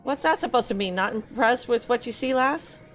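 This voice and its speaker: A woman doing a gruff, cursing old craftsman. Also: on the high side, animated, normal speed, fairly bright tone, faint music behind. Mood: grumbling. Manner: grumbling, cursing in rough dialect. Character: gruff washed-up male craftsman, self-loathing. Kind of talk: reading game dialogue aloud.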